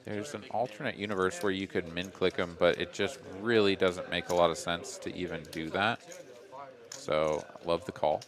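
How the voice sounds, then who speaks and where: Low-voiced man calling poker hands. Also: normal speed, crowd noise. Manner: relaxed, analytical, dry asides. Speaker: poker commentator. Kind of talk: live poker commentary.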